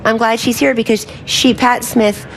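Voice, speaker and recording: A woman's voice: a little high, fairly even intonation, moderate pace, slight background noise. A woman speaking as a political campaign spokesperson in a combative live TV interview. She is insistent and keeps talking over the interviewer.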